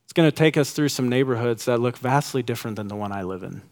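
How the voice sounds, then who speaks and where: This thirty-something man preaches fast as a pastor, full of animation. Acting out quotes sends his voice up high and excited.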